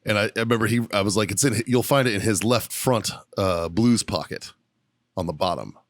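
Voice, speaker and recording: Profane male podcast host, lowish voice, dry close-mic sound, laughs through his story. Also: brisk, no room sound. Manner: profane, swears constantly; lively anecdote teller, often breaking into laughter. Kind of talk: casual storytelling chat.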